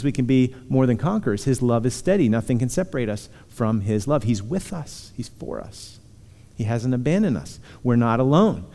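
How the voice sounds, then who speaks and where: A man's voice: on the high side, mellow. A man preaching a sermon, earnestly reassuring his listeners and reading scripture aloud. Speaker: pastor. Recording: hall reverb.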